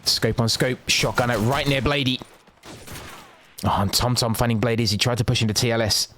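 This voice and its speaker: A man giving quick, excitable live play-by-play as a game shoutcaster, with casual asides to his viewers. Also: mid-range voice, slight background noise. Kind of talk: live esports commentary.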